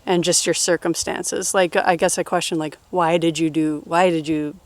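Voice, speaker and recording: A woman in her thirties answering personal questions in a relaxed, rambling way, full of fillers and laughs. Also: lowish voice, moderate pace, dry recording. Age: 30s. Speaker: interviewee. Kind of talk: casual personal Q&A.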